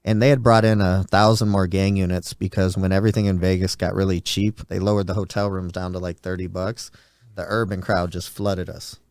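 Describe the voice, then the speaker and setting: Guy in his 40s, kinda low smooth voice, rambly storytelling, dry close sound. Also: level tone, a little fast, darkish tone, no room sound. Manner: rambling, acts out quoted dialogue. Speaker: podcast host. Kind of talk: casual storytelling.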